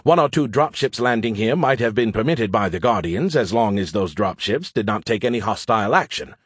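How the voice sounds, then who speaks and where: A man voicing a condescending, know-it-all male ship AI that lectures in a husky, dry voice. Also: on the low side, animated, brisk, dry recording. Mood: smug.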